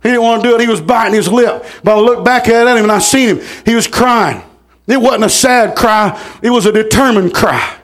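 A middle-aged man, preaching a sermon in a folksy storytelling manner, repeating words and rising to shouts. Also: very high voice, a little fast.

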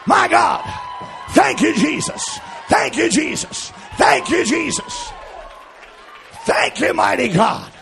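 A man preaching a fervent sermon in church, calling out to the congregation and shouting with rising intensity. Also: extremely high pitch, sing-song, slow, vocal fry, faint music behind, some chatter behind.

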